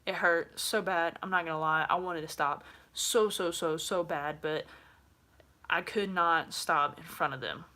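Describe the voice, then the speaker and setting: Chatty low-voiced woman in her twenties. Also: unhurried, bright, forceful tone. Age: 20s. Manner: chatty, frank, many fillers. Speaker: vlogger. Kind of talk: casual talk to camera.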